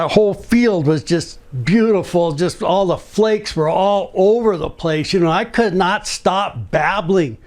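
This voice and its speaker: A man tells his own story of faith in a personal testimony talk. He speaks earnestly and rambles, restarting sentences often, in a voice that sits somewhat high for a man. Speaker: ministry speaker sharing testimony.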